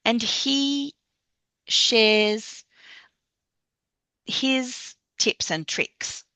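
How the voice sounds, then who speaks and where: A woman's voice: on the high side, extremely slow, bright, forceful tone, clear, resonant tone, no echo. A woman taking part in a webinar, speaking hesitantly and searching for her words. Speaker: webinar participant. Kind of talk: audience question.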